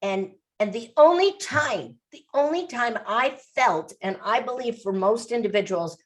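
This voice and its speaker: A woman's voice: on the high side, measured pace. Emphatic woman telling her story. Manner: emphatic, animated storytelling with repetition. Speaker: podcast guest. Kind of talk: interview.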